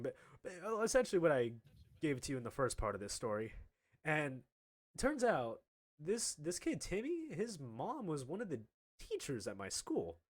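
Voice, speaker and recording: Animated, laughing young man telling a story. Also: medium pitch. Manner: animated, laughing, stammering restarts. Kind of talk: casual storytime.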